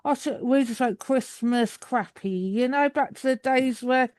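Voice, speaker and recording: Woman in her thirties, rambling and chatty, bit high voice, dry close sound. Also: unhurried, darkish tone, no echo. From England. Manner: rambling, chatty, many restarts. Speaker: guest. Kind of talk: casual video call chat.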